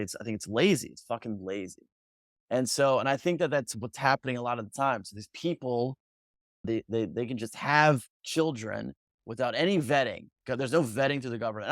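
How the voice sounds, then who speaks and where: A man's voice: mid-range voice, dry recording, clean studio sound. A young adult man in a casual podcast chat, telling a story animatedly with lots of swearing and restarts. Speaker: podcast guest.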